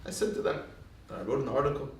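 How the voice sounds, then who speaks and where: A gravelly, medium-pitched male voice at a quick pace: a rabbi giving a Torah lecture who acts out quoted speech in his animated storytelling. It's recorded from afar in a hall full of echo.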